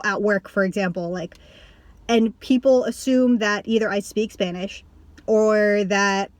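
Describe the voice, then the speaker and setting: A woman YouTuber talking casually to camera, rambling, with lots of "like" and quick restarts. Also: mid-range voice, dry recording. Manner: rambling, heavy use of "like", acts out others in a raised voice. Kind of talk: casual vlog talk to camera.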